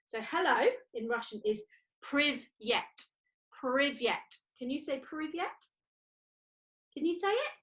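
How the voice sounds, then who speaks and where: A woman's voice: high-pitched, very animated, moderate pace, long pauses, fairly bright tone. A young woman leading a cheerful, sing-song video lesson for preschool children, counting along with exercises. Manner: cheerful, sing-song, leads physical activities. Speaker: preschool educator.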